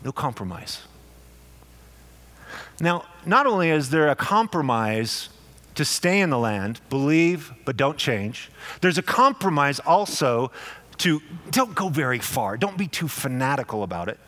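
A man preaches in a loose, conversational sermon style. His voice sits a little high, and he stumbles over repeated words and slips into quoted voices. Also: sing-song, unhurried, a bit bright. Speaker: pastor.

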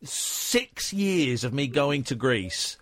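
A man's voice: mid-range voice, sing-song, slow pace, fairly bright tone. A man hosting a late-night radio phone-in, teasing and self-mocking in casual chat. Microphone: studio microphone.

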